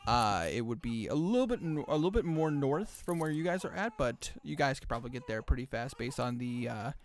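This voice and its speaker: A man's voice: mid-range voice, lively intonation, fairly quick. A man running a tabletop game over voice chat, talking casually with lots of fillers and jokes. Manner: rambling, filler-heavy, joking. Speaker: game master.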